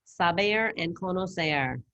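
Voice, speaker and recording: A woman's voice: on the low side, expressive, slow, bright, forceful tone. Casual woman teaching an online class. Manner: casual, upbeat, quizzing students. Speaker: Spanish teacher. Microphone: computer mic on a video call.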